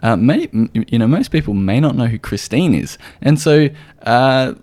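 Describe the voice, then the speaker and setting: A man's voice: mid-range voice, lively intonation, moderate pace, darkish tone. A man with an Australian accent hosting a podcast, upbeat and chatty with frequent fillers. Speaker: podcast host. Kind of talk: casual interview chat.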